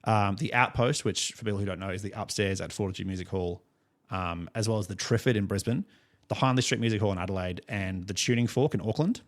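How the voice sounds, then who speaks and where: Australian male podcast co-host, lower voice, loose rambling chatter with laughs. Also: quick pace. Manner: rambling storyteller, many fillers and laughs. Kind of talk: casual chat.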